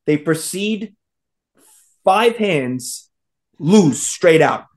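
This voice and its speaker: A man telling a story in a casual chat, animated, acting out quotes and laughing often. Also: a little high, drawn-out words.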